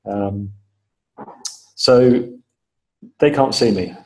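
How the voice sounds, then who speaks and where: A man's voice: on the low side, drawn-out words, low-quality recording. A man being interviewed on a podcast, telling his story step by step with frequent fillers and repeated phrases for emphasis. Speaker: podcast guest.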